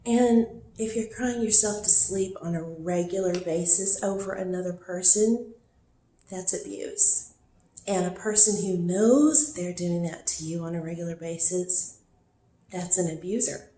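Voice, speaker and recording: Teary woman venting on her vlog, slow and mellow, kinda roomy echo. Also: lowish voice, fairly even intonation, a little hiss or hum. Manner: raw and rambling, with throat-clearing and rueful laughs. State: teary, voice worn from crying. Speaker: vlogger. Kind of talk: emotional personal vlog confession.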